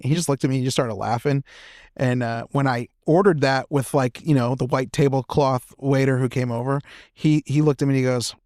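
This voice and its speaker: A man guest on a podcast, chatting casually and telling stories in an animated way, laughing often and saying "man" a lot. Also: mid-range voice, a little fast, no echo, studio quality. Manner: animated, laughs often, lots of fillers like "man" and "you know". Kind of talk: casual chat, storytelling.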